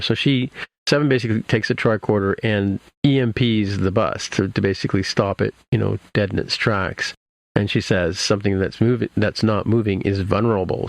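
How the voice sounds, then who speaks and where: Low gravelly man recapping an episode. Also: no room sound. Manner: rambling, many fillers and restarts. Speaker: podcast host.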